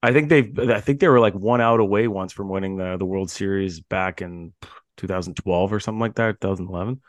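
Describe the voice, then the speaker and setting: Male co-host, lower voice, animated anecdotes, dry close mic. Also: quick pace, no room sound. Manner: animated storytelling, laughs often. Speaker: podcast co-host, former hockey player. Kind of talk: casual chat.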